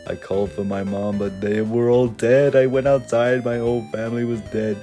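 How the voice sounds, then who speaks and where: A young man narrating a comic horror story in a rambling, deadpan way, full of "uh" and "and then", over faint music. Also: mid-range voice, moderate pace. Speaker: creepypasta parody narrator.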